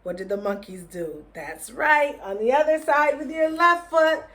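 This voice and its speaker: A woman teacher reading a picture book aloud to children, gently encouraging them to join in with movements. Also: high-pitched, lively intonation. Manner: slow, gentle, encouraging, leading children in actions.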